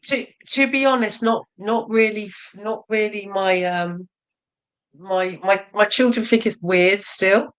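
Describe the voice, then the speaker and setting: A woman's voice: medium pitch, measured pace, clean tone. A woman in her forties, a bodybuilder guest in a casual interview, frank and self-mocking, laughing often.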